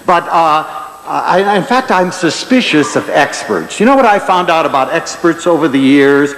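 A man giving an inspirational lecture, telling anecdotes in an expressive storytelling manner. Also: on the high side, normal speed. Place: large lecture hall with an audience. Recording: echoey hall with long reverb.

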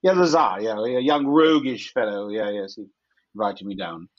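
A man's voice: lowish voice, moderate pace, lightly acted. A man voicing a genteel older male big-game hunter who talks politely and rambles with many restarts, in a tabletop game. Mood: rambling. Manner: courteous, rambling, hesitant with repeats. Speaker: player. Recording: dull lo-fi mic.

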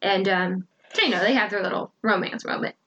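A woman's voice: mid-range voice, brisk, creaky, bright, forceful tone, dull audio. A woman co-hosting a casual podcast, retelling a book's plot in a chatty way with lots of fillers and quoted lines. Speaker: podcast co-host recapping a book. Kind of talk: casual chat.

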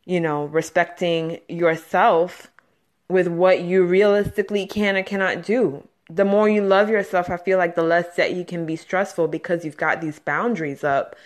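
A woman's voice: fairly low pitch, steady tone, moderate pace. Earnest woman hosting a self-help podcast. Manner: earnest, conversational, frequent "you know", light laughs. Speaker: podcast host. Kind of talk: casual self-help monologue.

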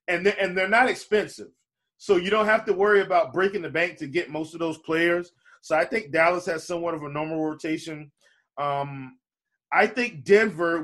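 A man's voice: a little high, fairly bright tone. Chatty man on a sports podcast. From lives in Charleston area. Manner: conversational, hesitant fillers and restarts. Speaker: fantasy basketball podcast co-host. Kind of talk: casual podcast chat.

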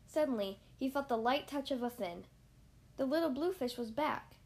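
A woman hosting a podcast, reading a children's picture book aloud with a lively, expressive delivery. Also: high voice, normal speed. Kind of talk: storybook read-aloud.

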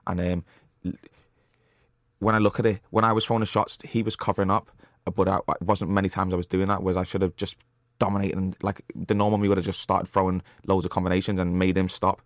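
A young man, a professional boxer speaking candidly as a guest in a radio studio, halting with many fillers and restarts. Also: low-pitched, flat delivery, no room sound. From Liverpool, England. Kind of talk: candid interview talk.

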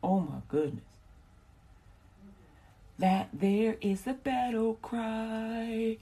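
A woman's voice: on the high side, expressive, extremely slow, dark tone, breathy edge. A woman giving casual Bible teaching in a rambling, slangy way, with frequent restarts.

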